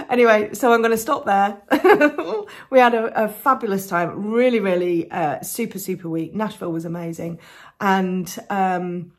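A woman's voice: mid-range voice, moderate pace. A woman with an English accent hosting a podcast, chatting in a rambling way with restarts and laughs. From England. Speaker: podcast host and coloured pencil artist. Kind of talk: casual chat.

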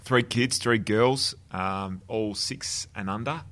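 Aussie guy mid thirties, low voice, takes the mickey out of himself. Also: slow pace, a bit bright. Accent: Australian. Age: 30s. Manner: self-deprecating, jokey. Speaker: podcast co-host. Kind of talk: casual podcast chat.

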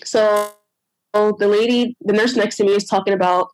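A woman telling a personal story in casual conversation, animated and acting out what others said. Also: medium pitch, moderate pace, low-quality recording. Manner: animated, re-enacts others with lively quoted voices. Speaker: guest sharing a personal story.

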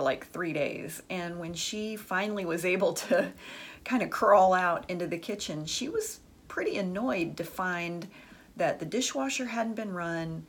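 A woman's voice: lowish voice, slight background noise. A woman giving relationship advice in a chatty, frank monologue, telling stories about friends. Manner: chatty, frank, uses "like" and "the truth is" often. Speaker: dating and relationship advice speaker.

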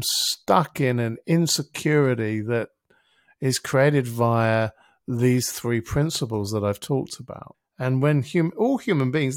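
Middle-aged male podcast guest, gravelly and dry-miked, a lively storyteller who swears casually. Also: medium pitch, no room sound. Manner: vivid storyteller who acts out his own inner voice, casual swearing. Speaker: interview guest, helps people with their thinking. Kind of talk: reflective storytelling in a podcast conversation.

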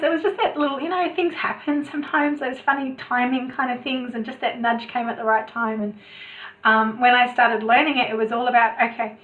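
Chatty lady guest, bit high voice, sounds like a thin phone line. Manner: chatty, many restarts, animated asides. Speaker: podcast guest, coach. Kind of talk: casual interview chat. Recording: tinny phone-like remote call.

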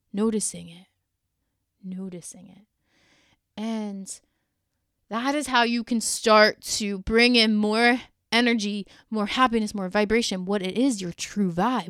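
A woman's voice: fairly high pitch, fairly bright tone, dry recording, studio quality. A woman hosting a solo motivational podcast, talking in an earnest, heartfelt way with casual fillers. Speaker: podcast host.

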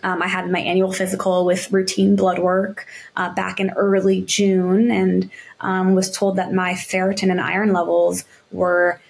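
Woman podcast guest, runner and yoga teacher; relaxed, upbeat, chatty with lots of fillers. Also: medium pitch, measured pace, vocal fry. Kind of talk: casual interview chat.

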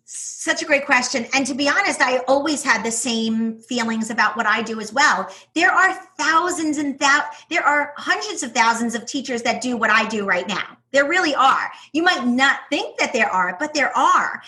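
A woman with a New York accent speaks as an interview guest. Her voice sits high and sounds bright. She talks with enthusiasm and emphasis. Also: expressive, normal speed, hardly any pauses. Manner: enthusiastic, emphatic, laughs often. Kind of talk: casual interview talk.

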